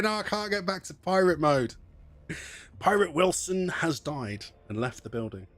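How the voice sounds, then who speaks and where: A man's voice: a little high, lively intonation, normal speed, a bit bright. A man streaming a game, chatting casually and reading in-game text aloud, joking at his own expense. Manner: chatty, self-mocking, tries silly pirate accents.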